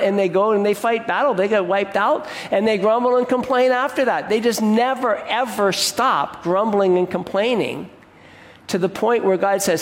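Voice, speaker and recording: An earnest male pastor delivering a sermon in a conversational way, often restarting his words mid-thought. His voice sits a touch high for a man. It rings out with a long reverb in a large hall. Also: moderate pace. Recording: echoey hall.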